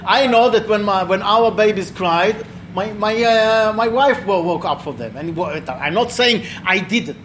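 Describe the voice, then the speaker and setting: A man's voice: high voice, unhurried, hardly any pauses, fairly bright tone, slight background noise. A middle-aged man teaching a religious class in a conversational way, telling stories and asking the listeners questions. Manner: storytelling, asks the listeners questions, acts out voices. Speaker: rabbi or teacher leading a class.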